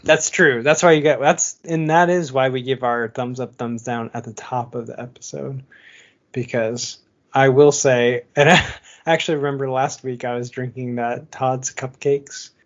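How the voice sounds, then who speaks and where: A man's voice: medium pitch, steady tone, moderate pace, muffled recording. A man co-hosting a podcast in casual chat, talkative, laughing often and filling his speech with "like". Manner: chatty, laughs often, lots of "like" fillers. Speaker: podcast co-host.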